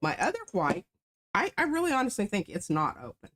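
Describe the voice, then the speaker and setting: A woman's voice: medium pitch, huge pitch swings, a little fast, a bit bright. A woman casually talking through an art stamping demo, explaining each step as she works. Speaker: artist demonstrating stamping. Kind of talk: casual craft demo chat.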